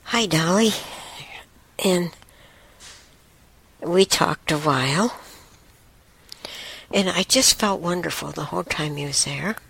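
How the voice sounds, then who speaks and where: A woman telling a personal story and teaching about spirits slowly, with halting pauses and a voice that slips into a breathy whisper. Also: deep voice, fairly bright tone, no room sound. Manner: drifts into a breathy whisper often; halting, with many restarts and pauses.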